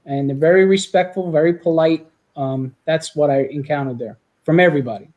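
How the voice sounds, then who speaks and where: A man's voice: fairly high pitch, fairly quick, dull audio. A man who is the guest in a casual chat, talking in an easygoing, plain-spoken way.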